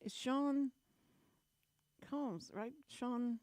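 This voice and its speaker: Her voice sits high and a little mellow, and she speaks extremely slowly with no echo. This middle-aged Texan radio host chats casually in the studio, rambling through stories and frequently starting her sentences over.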